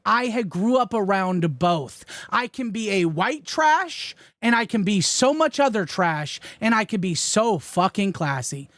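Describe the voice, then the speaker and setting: Profane, defensive man with high voice. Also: big pitch swings, unhurried, hardly any pauses, a bit bright, no room sound. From Florida. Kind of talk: heated podcast argument.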